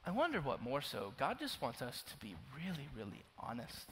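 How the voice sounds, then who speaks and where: A young man from Oklahoma preaching a sermon to young adults, swinging between loud urgent pleading and hushed, near-whispered confession. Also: mid-range voice, huge pitch swings, normal speed, few pauses. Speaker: youth pastor. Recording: long hall reverb, faint noise.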